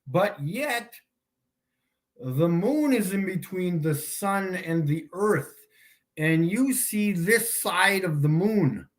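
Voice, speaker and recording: A man hosting a casual livestream, mocking his viewers and laughing often as he repeats his points slowly for emphasis. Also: high voice, lively intonation. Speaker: livestream host.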